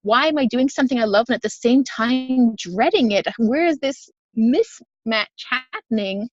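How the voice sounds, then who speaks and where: A woman co-hosting a podcast, telling stories in an animated way with frequent laughs during a casual spiritual chat. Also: on the high side, normal speed, dry recording, muffled recording. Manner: animated storytelling, laughs often. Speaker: podcast co-host.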